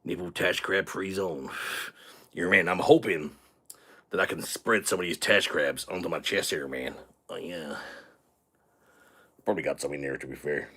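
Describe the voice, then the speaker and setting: Guy putting on a sloppy drunk bro, low husky voice with a sharp edge, crude and cocky. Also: normal speed, long pauses, full character voice. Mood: boastful. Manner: crude, rowdy, swaggering banter. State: tipsy from shots. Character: crude boastful drunken American man. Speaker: livestream host. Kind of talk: live stream chat in character.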